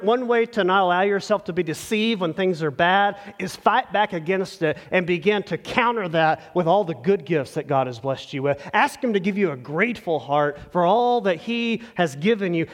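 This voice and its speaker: Male pastor, higher voice, earnest conversational sermon, church hall reverb. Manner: earnest, conversational preaching with direct address. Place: church sanctuary.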